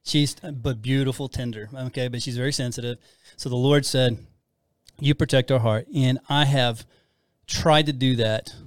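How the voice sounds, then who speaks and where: A middle-aged man chatting casually about faith and marriage, rambling and poking fun at himself as he restarts his sentences. His voice sits at an ordinary pitch. The sound is close and dry. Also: fairly even intonation, moderate pace, dry recording. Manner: rambling, self-deprecating, with frequent restarts and fillers. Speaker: podcast co-host.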